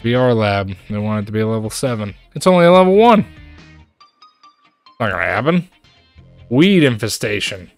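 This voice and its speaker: A man streamer doing gameplay commentary, grumbling and frequently jumping into high-pitched, exasperated outbursts at the game. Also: big pitch swings, moderate pace, vocal fry, long pauses, soft background music.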